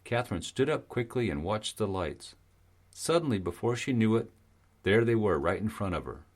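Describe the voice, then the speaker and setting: A man narrating an audiobook in a steady, even storytelling manner. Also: fairly low pitch, moderate pace. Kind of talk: scripted narration.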